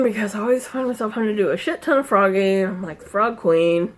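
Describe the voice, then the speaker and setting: A woman chatting casually in a crafting vlog, easily distracted and laughing often, scolding her cat now and then in a higher voice. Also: a little fast, hardly any pauses. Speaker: cross-stitch vlogger.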